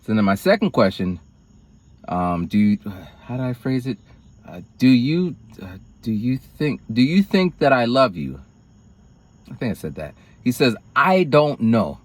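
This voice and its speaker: A man's voice: mid-range voice, unhurried. A man telling a personal story in a rambling vlog, acting out other people's lines with big swings of voice. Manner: rambling, animated, acts out quoted lines in raised voices. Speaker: vlogger.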